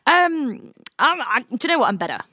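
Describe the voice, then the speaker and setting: A woman's voice: high-pitched, big pitch swings, fairly quick, sharp tone, no echo. A young woman from England co-hosting a podcast, bubbly and playful, laughing often and breaking into sing-song bits. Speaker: podcast co-host. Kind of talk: giddy casual chat.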